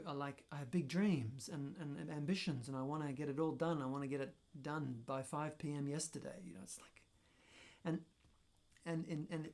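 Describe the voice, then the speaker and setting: A man's voice: a little high, darkish tone. A man talking reflectively on his own channel, thinking aloud and questioning himself as he goes. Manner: thoughtful, musing, self-questioning. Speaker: personal growth vlogger. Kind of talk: reflective solo talk to camera.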